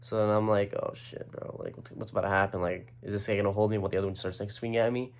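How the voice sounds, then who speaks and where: A man's voice: lowish voice, level tone, racing. A young man casually telling a rambling story, full of slang and fillers. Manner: rambling, slangy, lots of "like" and "bro".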